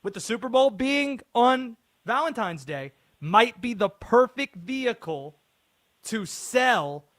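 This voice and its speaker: Host: playful man, high voice, dry close studio sound. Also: animated, unhurried, fairly bright tone, no echo. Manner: playful, mock-grand patter. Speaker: sports radio host. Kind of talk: call-in sports radio hosting.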